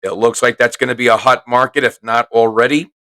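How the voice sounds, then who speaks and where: Brief: chatty male podcast host, salesy and brash, mid-pitched. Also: little pitch movement, brisk, a bit bright, poor audio. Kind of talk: casual solo podcast talk.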